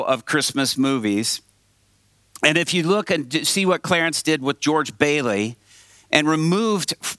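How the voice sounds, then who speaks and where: A man's voice: on the high side, a bit bright, no echo. A man preaching a sermon to a congregation, earnest and storytelling, asking the audience questions.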